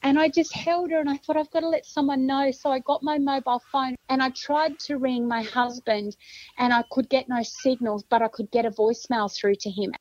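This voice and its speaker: A woman's voice: high-pitched, fairly even intonation, normal speed, dry recording. Australian grandmother telling a rescue story. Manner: vivid retelling that acts out her own shouts and thoughts. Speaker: grandmother of a found child. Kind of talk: emotional interview storytelling. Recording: dull lo-fi sound.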